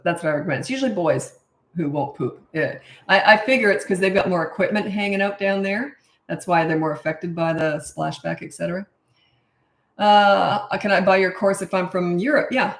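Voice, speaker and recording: A middle-aged woman coaching parents in a casual live Q&A, blunt and chatty, laughing at herself. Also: lowish voice. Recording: roomy echo.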